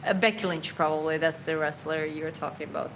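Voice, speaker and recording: A woman's voice: deep voice, fairly even intonation, a little fast, a little hiss or hum, low-quality recording. A woman boxer answering viewer questions in a casual livestream Q&A. She talks in an earnest, reflective way, rambles, corrects herself and laughs often.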